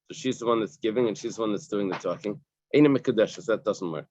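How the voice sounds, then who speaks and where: A man with a lowish voice leads a relaxed study-group class, walking his listeners through the text one phrase at a time and restating each line in plain English. The sound is dry and a bit dull, as if from a lo-fi recording. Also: quick pace, no room sound. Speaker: Talmud teacher.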